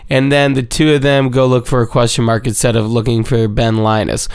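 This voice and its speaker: A man's voice: medium pitch, flat delivery, normal speed, vocal fry, few pauses, darkish tone, clear, resonant tone, no room sound, clean studio sound. A man giving a casual, rambling episode recap, full of swearing and playful repetition.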